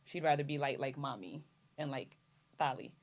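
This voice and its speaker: A woman's voice: extremely low pitch, moderate pace, darkish tone. A woman co-hosting a casual podcast chat, talking in a chatty way with many fillers. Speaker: podcast co-host. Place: studio with cameras.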